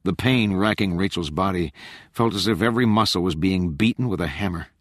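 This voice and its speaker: A man reading a thriller audiobook in measured, dramatic narration. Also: low-pitched, no echo, clean studio sound.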